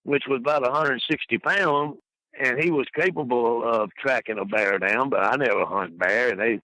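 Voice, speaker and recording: Older male guest, rambling storyteller who does high-voiced impressions of others, bright and dry. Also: moderate pace, no room sound, low-quality recording. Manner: rambling anecdotes full of fillers; mimics people he quotes in high voices. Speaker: podcast guest. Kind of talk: storytelling interview.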